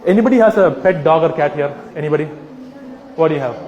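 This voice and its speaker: A man giving a humorous, persuasive talk to a live audience, animated and teasing, asking rhetorical questions. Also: on the high side, fast talker. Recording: echoey hall with long reverb.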